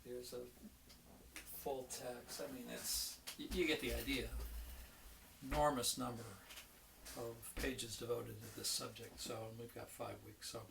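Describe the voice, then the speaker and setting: A man's voice: mid-range voice, level tone, unhurried, gravelly, distant mic, noisy background. A man who is an economics professor, giving an informal, folksy online lecture with many fillers and restarts. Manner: chatty and folksy, tells jokes with acted quotes.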